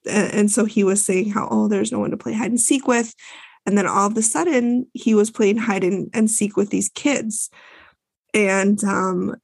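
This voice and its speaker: A woman co-host tells a story in a loose, chatty way, stopping and restarting often. Her voice is gravelly and a little husky. The recording is dry and close. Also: medium pitch, steady tone, normal speed, dry recording. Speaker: podcast co-host. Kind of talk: casual recap chat.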